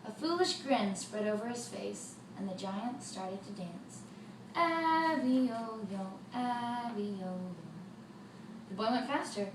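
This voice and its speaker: A woman telling a folk tale for children, with lively sound effects, in a roomy recording from a distant mic with faint noise. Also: a little high, slow. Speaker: storyteller.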